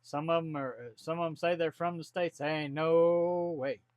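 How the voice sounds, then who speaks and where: A man's voice: a little high, steady tone, normal speed, darkish tone, no echo. A man, talking bluntly and folksily to camera from his home office. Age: 40s. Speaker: vlogger. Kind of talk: casual to-camera monologue.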